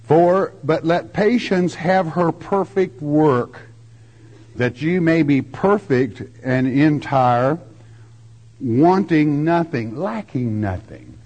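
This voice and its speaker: An older man preaching a folksy verse-by-verse sermon, with homespun turns of phrase and slow, drawn-out emphasis. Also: fairly high pitch, a little mellow, highs cut off. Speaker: preacher teaching scripture.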